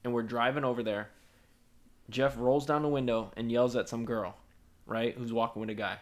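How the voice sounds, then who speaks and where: A man's voice: medium pitch, steady tone, moderate pace. A man in a casual chat with friends, retelling and prompting old stories with plenty of swearing. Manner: chatty, profane, prompts and retells shared stories.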